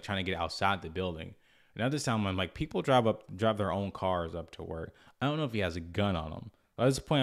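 A man in his twenties telling a personal story in a rambling, casual way, often restarting his sentences. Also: on the low side. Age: 20s. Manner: rambling, restarts often, mimics others in a raised voice. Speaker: vlogger.

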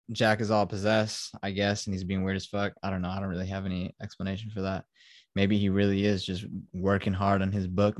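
Rambling, profane podcast host. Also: male voice, on the low side, no echo, clean studio sound. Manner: rambling, profane, with many fillers. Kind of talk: casual film recap.

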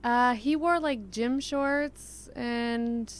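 A woman in a casual chat, easygoing and quick to laugh as she tells her side of a date. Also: on the high side.

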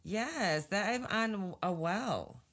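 A woman's voice: mid-range voice, animated, slow, noisy background. A woman co-hosting a podcast, rambling through stories in casual chat, laughing often and teasing her co-host.

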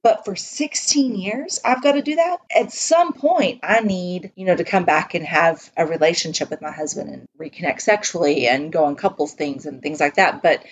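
A woman's voice: fairly low pitch, moderate pace, few pauses, slight background noise. Frank Texan woman in her forties. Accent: Texan Southern US. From Texas, US. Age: 40s. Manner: frank and animated, swears freely. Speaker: podcast co-host. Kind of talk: candid casual chat.

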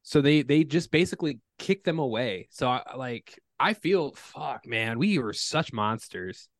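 A man's voice: mid-range voice, expressive, unhurried, dry recording, studio quality. A young man co-hosting a podcast, chatting casually and bluntly with some swearing. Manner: blunt, curses, jokes around. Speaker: podcast co-host. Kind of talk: casual chat.

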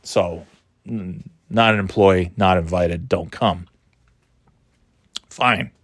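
A man's voice: sits low, fairly even intonation, slow, no room sound, clean studio sound. A tired, yawning man rambling sarcastically in a casual monologue, swearing freely and mocking himself. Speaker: vlogger.

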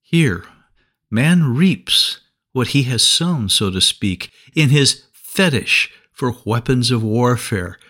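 A male Bible teacher speaks slowly and deliberately in a sermon-style lesson. His voice rises and falls widely in pitch as he reads scripture passages aloud, then steps through his explanation point by point. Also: animated, fairly bright tone.

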